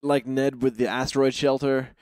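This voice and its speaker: A man's voice: medium pitch, flat delivery, normal speed, darkish tone. A man with a mid-range voice talks as a podcast guest, hesitant and full of fillers as he works his way through a thought, often chuckling. The recording is close and dry with no room echo. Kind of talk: casual chat.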